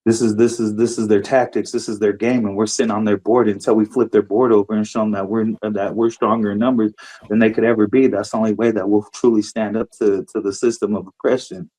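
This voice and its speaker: Fast-talking man with a low, flat voice. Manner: rambling, repeats words while telling a story. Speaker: community activist speaking at a forum. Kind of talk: personal testimony at a public forum.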